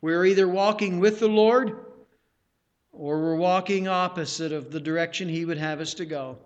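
A man's voice: high-pitched, moderate pace, highs cut off. A man preaching a sermon. He exhorts his listeners with direct questions and repeats key phrases for emphasis.

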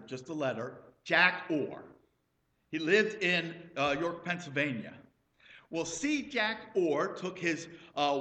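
A male pastor preaches in a high, bright voice, unhurried and deliberate. He spins folksy stories and asks the congregation questions. His words echo around a roomy church. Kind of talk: sermon.

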